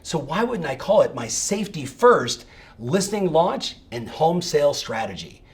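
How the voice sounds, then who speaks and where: A middle-aged man giving an energetic coaching talk to real estate agents, emphatic and fired up, often checking in with "right?". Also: a little high, a little slow.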